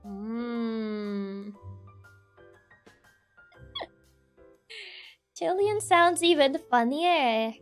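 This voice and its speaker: Young streamer woman, Spanish accent, bouncy pitch, playful laughing chat. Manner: giggly, animated, playful. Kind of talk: casual chat, reading chat aloud.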